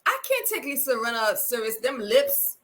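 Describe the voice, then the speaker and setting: Woman reality-show reviewer; blunt, lively delivery, bright tone. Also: on the high side, moderate pace. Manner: blunt, lively, acts out quotes. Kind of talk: casual chat.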